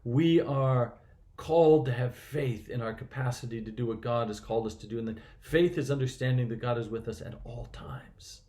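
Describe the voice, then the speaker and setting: Guy doing a church reflection, reads the passage then just talks it through, earnest, kinda halting, normal voice. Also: mid-range voice, mellow. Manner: conversational and earnest, with many restarts. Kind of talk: scripture reading and informal spoken reflection.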